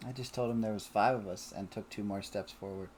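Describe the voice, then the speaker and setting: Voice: low-pitched, fairly even intonation, a little fast, darkish tone, slight background noise. A player in a tabletop game, playfully describing a character's actions. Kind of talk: casual tabletop play.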